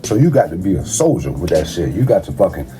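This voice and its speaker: A low-pitched, dark male voice swings widely in pitch and talks fast over background music. He offers blunt, casual advice in a conversational monologue, full of profanity and street slang.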